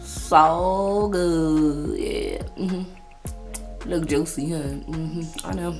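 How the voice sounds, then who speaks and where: There's music playing clearly behind this young woman's casual car vlog, recorded on her phone. She's giggly and chatty, filling her speech with "um" and "like," yet her voice sits low and steady and she speaks very slowly.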